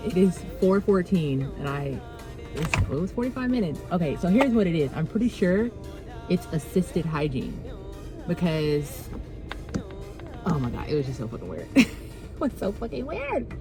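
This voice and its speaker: A woman's voice: fairly low pitch, sing-song, normal speed, pauses often, low-quality recording. A woman dental hygienist chatting casually in a vlog, blunt and profane, acting out conversations. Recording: music playing behind.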